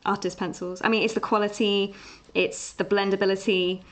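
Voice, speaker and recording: A woman's voice: medium pitch, flat delivery, normal speed. Young english woman, bit of essex in her voice, rambly chat while she draws at home, lots of ums and restarts. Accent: Essex-tinged English. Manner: chatty, rambling, with many fillers and restarts. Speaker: livestream art host. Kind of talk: casual chat while drawing.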